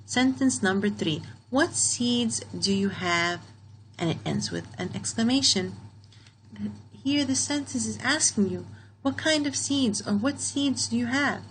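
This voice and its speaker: A woman teacher explaining a grammar lesson in a patient, step-by-step way, reading each example sentence slowly and then repeating it. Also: on the high side, animated, a little hiss or hum, low-quality recording.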